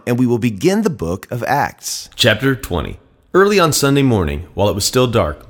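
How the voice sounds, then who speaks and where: A man hosting a daily Bible reading, reading scripture aloud with commentary and raising his voice for quoted speech. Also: medium pitch.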